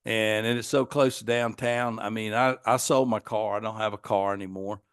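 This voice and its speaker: A man's voice: fairly low pitch, fairly even intonation, moderate pace, clear, resonant tone, no room sound, studio quality. A man with a Southern US accent, a podcast guest chatting casually in an easygoing way. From Atlanta area, US South. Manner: easygoing, laughs at his own jokes. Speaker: guest, mortgage broker. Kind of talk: casual chat.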